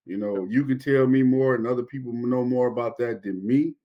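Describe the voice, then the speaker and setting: A man's voice: medium pitch, brisk, highs cut off. A man co-hosting a podcast, talking football in an easygoing, repetitive way with laughing asides. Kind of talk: casual sports chat.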